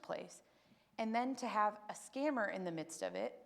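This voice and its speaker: Woman giving a spoken testimony, emotional storytelling with a touch of vocal fry. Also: medium pitch, normal speed. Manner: emotional, animated storytelling with acted quotes. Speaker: testimony speaker at church.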